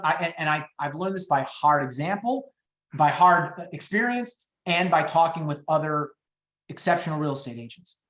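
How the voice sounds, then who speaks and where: High-energy man coaching sales. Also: fairly bright tone, echoey room. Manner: high-energy, quick, acts out phone calls. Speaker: real estate coach. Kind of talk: teaching sales scripts in a webinar.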